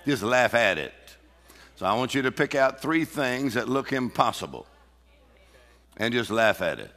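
A man preaching a sermon with exuberant energy, breaking into shouts and bursts of laughter. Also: medium pitch, animated, normal speed, big-room sound. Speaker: pastor.

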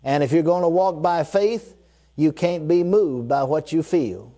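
During a sermon, a man with a mellow voice on the high side leads call-and-response declarations, repeats key phrases, and slows his delivery for scripture.

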